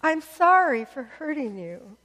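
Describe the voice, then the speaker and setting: A woman's voice: high-pitched, sing-song, big-room sound, full character voice. A woman voicing a humble young man, apologizing. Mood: humble, pleading. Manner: slow, soft, apologetic pleading. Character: remorseful young adult man, humble prodigal son.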